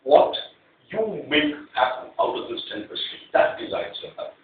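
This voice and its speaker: A man giving a prepared club speech, telling a story and acting out the outbursts in it. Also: moderate pace. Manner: animated, acts out quoted outbursts. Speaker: club speaker. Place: meeting room. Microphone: clip-on mic, distant recorder. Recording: very echoey, far off, phone-like and tinny, faint hiss.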